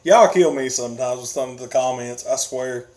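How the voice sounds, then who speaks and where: A man's voice: mid-range voice, normal speed, darkish tone. A man hosting a casual live stream, chuckling often as he reads out viewer comments. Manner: chuckles often while reading comments aloud. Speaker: livestream host reading chat.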